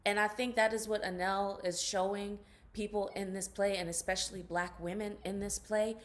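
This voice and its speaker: Young woman, actress guest, passionate and emphatic, mid-pitched voice. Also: flat delivery, moderate pace. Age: young adult. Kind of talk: interview conversation.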